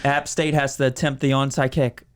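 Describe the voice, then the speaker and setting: A man co-hosting a casual sports betting podcast, talking in a relaxed way and swearing casually. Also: medium pitch, normal speed, smooth. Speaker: podcast co-host.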